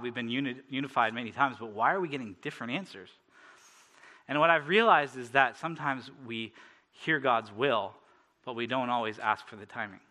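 A man's voice: medium pitch, bright, forceful tone. A man from Canada preaching a sermon, telling personal stories in a casual way with many fillers and frequent laughter.

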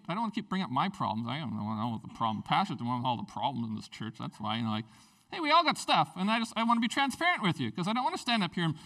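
A young man preaching a candid sermon as pastor, swinging from quiet asides to near-shouting. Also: sits high, far from the mic.

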